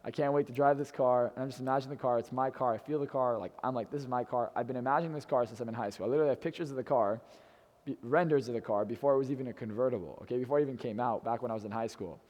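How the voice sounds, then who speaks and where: Brash fast-talking young man in a reverberant hall. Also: medium pitch, darkish tone. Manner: brash, swearing, fast storytelling. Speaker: motivational speaker. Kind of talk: storytelling talk to an audience. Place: hotel event room.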